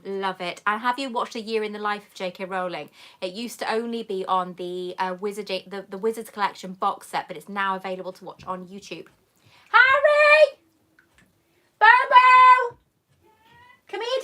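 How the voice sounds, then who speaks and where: Bright-voiced chatty woman host. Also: mid-range voice, fairly even intonation, moderate pace. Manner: chatty and affectionate, reads viewer comments aloud, calls people darling. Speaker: YouTube host answering live chat questions. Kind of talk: casual live-stream chat.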